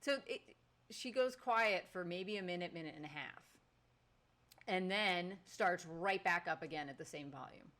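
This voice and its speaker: Exasperated woman co-host, rather low voice. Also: moderate pace. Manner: exasperated, animated storytelling. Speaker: podcast co-host. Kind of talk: casual chat.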